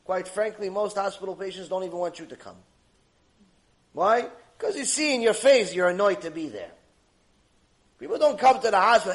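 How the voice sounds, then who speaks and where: A middle-aged man teaching a mussar lecture, animated and rebuking, acting out mocking bits of dialogue. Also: high-pitched, normal speed, pauses often. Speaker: Torah teacher.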